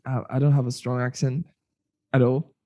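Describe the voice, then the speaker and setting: A man's voice: medium pitch, little pitch movement, normal speed, dark tone. A man hosting a podcast in a casual, enthusiastic chat, laughing a lot. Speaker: podcast host. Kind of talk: casual conversation.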